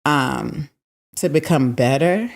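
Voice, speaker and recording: Low-voiced woman telling her story. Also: expressive, slow. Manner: emphatic, repeats phrases, many fillers. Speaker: podcast guest. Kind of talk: candid conversational storytelling.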